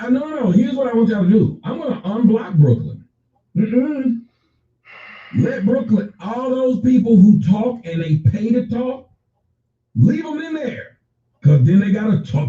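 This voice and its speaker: A man talking loosely on a livestream, answering his chat by name and cursing freely. His voice is fairly high and swings widely in pitch, with a mellow, dark tone. He sits off the mic in an echoey room, and the sound comes through dull and lo-fi. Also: recorded from a distance. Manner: animated, profane, addresses chatters by name. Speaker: livestream host reading viewer chat. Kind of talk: casual unscripted livestream talk.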